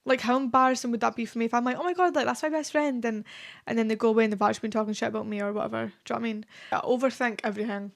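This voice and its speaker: Chatty and confessional, she runs her own podcast solo, sprinkling in lots of fillers. This woman in her twenties talks very fast in a gravelly voice on the high side, with little movement in pitch.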